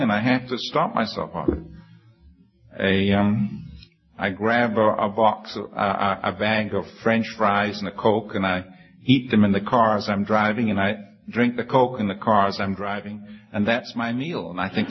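Reading scripture and recounting something personal, a preacher speaks earnestly and humbly at normal speed in a steady tone. He restarts phrases frequently and rises to emphatic high peaks, and the audio is dull.

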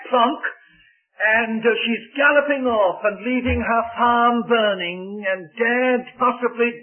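A man preaching a sermon, telling a Bible story vividly with playful asides. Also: high voice. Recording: tinny phone-like old sermon tape.

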